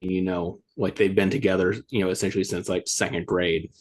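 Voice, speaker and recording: A man's voice: low-pitched, level tone, a little fast. A man co-hosting a casual podcast, talking hesitantly with many fillers while discussing an episode. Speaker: podcast co-host.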